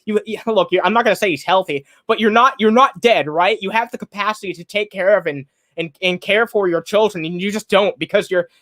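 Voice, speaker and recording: A man's voice: high-pitched, brisk, hardly any pauses, fairly bright tone, dry recording. A man hosting a livestream, ranting heatedly with lots of swearing and repeated restarts. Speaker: streamer host. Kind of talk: angry reaction livestream commentary.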